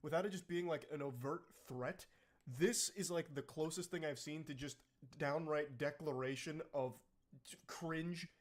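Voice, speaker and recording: A man's voice: a little high, normal speed. A young man giving blunt, profane reaction commentary in a disgusted tone.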